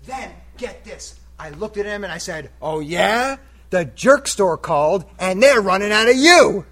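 Smug, petty sitcom man, high and worked up, as a preacher puts him on. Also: lively intonation, unhurried, fairly bright tone, echoey room, far from the mic, heavily acted. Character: petty, indignant grown man sitcom character.

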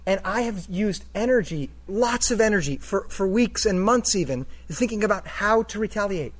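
A man's voice: sits high, expressive, moderate pace. A man giving a sermon as a story, talking casually and asking the audience questions. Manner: conversational, asks the audience questions. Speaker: preacher.

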